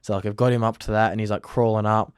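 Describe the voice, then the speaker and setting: Young Australian male interview guest, casual rambling storyteller, rapid flat delivery. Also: fairly low pitch, clear, resonant tone, dry recording, clean studio sound. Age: young adult. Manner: rambling, filler-heavy, lots of "like". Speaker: interview guest, rugby league player.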